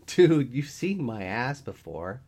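A man's voice: mid-range voice, very animated, slow pace, darkish tone, voice pushed up, full character voice. A man voicing a self-pitying, theatrical man of thirty who complains in an overdramatic way in a storybook reading. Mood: worked up.

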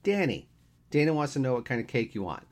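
A man voicing a brisk, insistent young woman coworker in a read-aloud story. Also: mid-range voice, very animated, voice pushed up.

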